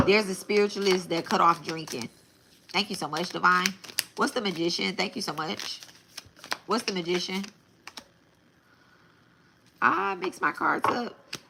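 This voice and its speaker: A woman's voice: fairly low pitch, normal speed, noisy background. A woman giving a live tarot reading in a casual, blunt way, often repeating and restarting her phrases. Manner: blunt, swears. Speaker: tarot reader.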